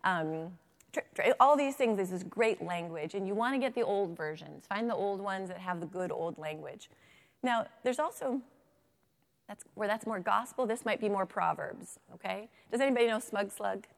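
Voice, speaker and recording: A woman giving a lively workshop to teachers, reading picture books aloud and checking in often with her audience. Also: medium pitch, moderate pace, creaky, big-room sound. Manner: animated, chatty, checks in with "right?". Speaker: literacy workshop presenter for teachers.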